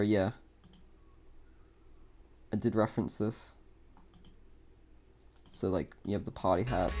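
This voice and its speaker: A man's voice: lowish voice, darkish tone. A man streaming live, rambling in casual commentary, mocking himself, laughing often and swearing.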